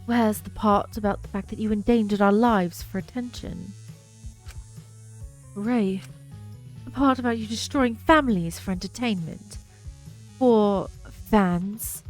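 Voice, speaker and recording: A woman's voice: mid-range voice, a little mellow, natural voice. A woman reading a cold, accusing young man.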